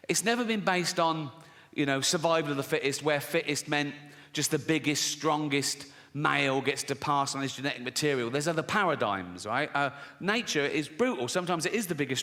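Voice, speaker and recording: A man's voice: medium pitch, a bit bright. A man doing a stand-up routine, brash and full of swearing. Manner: brash, sweary, mock-outraged. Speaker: stand-up comedian. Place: large theatre stage. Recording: live hall with reverb.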